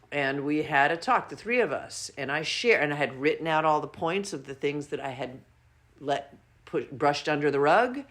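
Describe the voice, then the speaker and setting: Podcast co-host, female, blunt and outspoken, casual conversational delivery. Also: deep voice. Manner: blunt, candid and sharp-tongued, swears casually.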